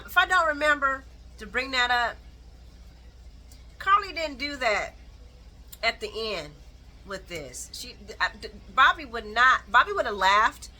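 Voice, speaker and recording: Bright-voiced woman recapping, blunt and animated. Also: medium pitch, rough recording. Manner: animated, blunt, colloquial, with mocking asides. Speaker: soap opera recap host. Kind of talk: casual chat recap.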